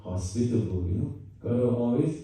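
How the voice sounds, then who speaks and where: A man's voice: mid-range voice, lively intonation, a little fast, dark tone. A man, a pandit, giving a storytelling sermon at a temple, asking his listeners questions and repeating his words as he tells the story. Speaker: pandit giving a spiritual talk. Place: large temple hall. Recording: roomy echo, voice from far off.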